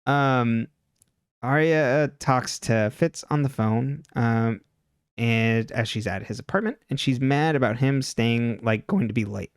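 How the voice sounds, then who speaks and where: Give me a mid-pitched man co-hosting a podcast, talking loosely and quickly through a TV recap. He fills his speech with "like" and "um" and laughs often. The recording is dry and close, with no room echo. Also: smooth. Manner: chatty, heavy on "like" and "um", laughs often. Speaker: podcast co-host. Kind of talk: casual episode recap.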